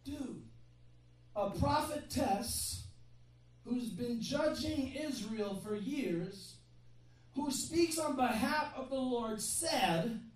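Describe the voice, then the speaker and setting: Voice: mid-range voice, animated, drawn-out words. Brief: chatty, joking preacher mid-sermon, far from the mic in a very reverberant hall with faint ambience. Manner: conversational, joking asides to the congregation.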